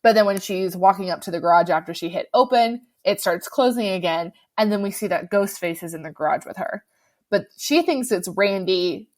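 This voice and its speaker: A woman's voice: medium pitch, a little mellow. Woman, podcast co-host, casual chat, enthusiastic storyteller. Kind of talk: casual chat recapping a film.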